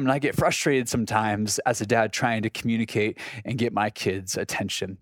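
A man's voice: fairly low pitch, steady tone, brisk, hardly any pauses, dry recording, clean studio sound. A man in his thirties hosting a faith podcast, talking in an earnest, conversational way about family and listening, often restarting his sentences. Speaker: podcast host. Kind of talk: reflective devotional talk.

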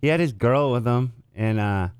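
A man's voice: medium pitch, moderate pace, clear, resonant tone, no echo, clean studio sound. A man who is a regular on a radio show, bantering casually with teasing, mumbled asides.

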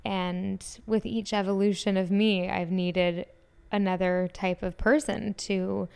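A woman in her twenties talks casually to her podcast listeners, eager and effusive. Her voice is smooth and clean, sitting at an everyday middle pitch. She strings thoughts together with plenty of "like" and "um". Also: level tone, slow, a little mellow. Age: 20s. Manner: gushing, enthusiastic, many "like" fillers. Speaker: podcast host. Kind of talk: casual solo podcast chat.

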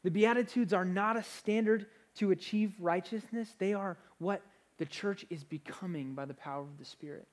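A man's voice: sits high, normal speed. A young man preaches a sermon with energy, speaking in a conversational way. He often stops to restart a phrase before pressing on. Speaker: pastor.

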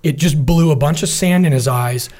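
A middle-aged man with a somewhat higher voice tells a combat story as a guest in conversation. He talks in a casual, vivid way and quotes his comrades in animated snippets. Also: normal speed. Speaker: military veteran guest.

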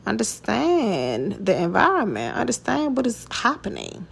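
A woman's voice: medium pitch, wildly swooping pitch, unhurried, gravelly, husky. A woman hosting a podcast in a casual monologue, talking bluntly, swearing and laughing often. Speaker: podcast host.

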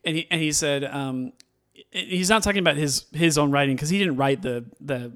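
Man for a casual podcast, higher-pitched, gushing, rambles with lots of fillers. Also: moderate pace, fairly bright tone. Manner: enthusiastic, rambling with many fillers and restarts. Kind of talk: casual movie discussion.

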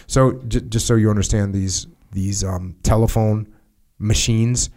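A man's voice: lowish voice, steady tone, a little slow, warm tone. A man hosts a podcast, reading a soldier's memoir aloud. He breaks off in a conversational tone to explain details to his listeners before picking the story back up. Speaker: podcast host.

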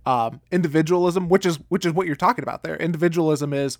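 Man, podcast host, hesitant questions, slightly high voice, dry close sound. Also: fast, hardly any pauses, no echo. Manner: hesitant, many ums and restarts. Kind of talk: interview questions.

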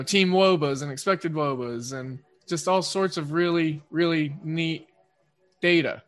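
Quick-fire Oklahoma man hosting a podcast. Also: fairly high pitch, fairly bright tone, smooth. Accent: Oklahoma twang. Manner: rambling, quick-fire, self-correcting. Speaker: sports betting podcast host. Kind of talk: casual podcast monologue.

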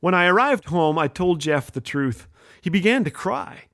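A man's voice: high-pitched, normal speed, no echo, studio quality. A middle-aged man hosting a radio show, telling wry comic stories from a script. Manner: wry, animated storytelling with voiced quotes. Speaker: radio host and humor storyteller.

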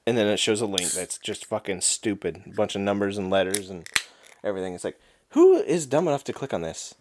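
A man's voice: fairly low pitch, big pitch swings, fairly quick, background noise. A man in casual chat as a podcast co-host, making wry, profane remarks.

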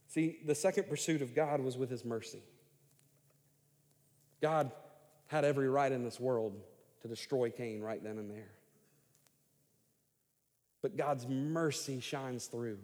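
A middle-aged man preaching as a pastor, telling the story with lively paraphrased voices. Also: mid-range voice, measured pace, pauses often, big-room sound. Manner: animated storytelling, voicing God and Cain in paraphrase. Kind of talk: sermon.

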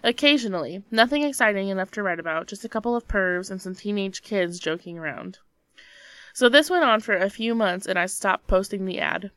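A young woman reads a creepy story aloud with a crisp, bright voice, building the tension like a seasoned storyteller and slipping into nervous giggles. Her voice sounds close and dry, with almost no room around it. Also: mid-range voice, animated, fairly quick, no echo. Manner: dramatic storytelling that breaks into nervous laughter. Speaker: podcast co-host. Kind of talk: reading a scary story aloud.

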